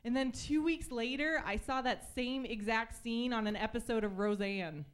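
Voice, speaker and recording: A woman's voice: on the high side, normal speed, smooth. A young woman telling stories in a stand-up comedy set on a club stage, chatty with lots of fillers and acted-out voices.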